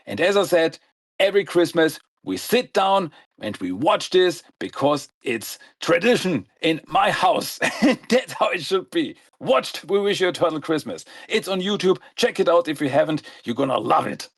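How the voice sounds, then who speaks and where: A man's voice: fairly high pitch, husky, dry recording. A man co-hosting a podcast, chatting enthusiastically and rambling with frequent laughs. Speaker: podcast co-host. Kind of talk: casual podcast chat. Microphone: podcast microphone, audio only.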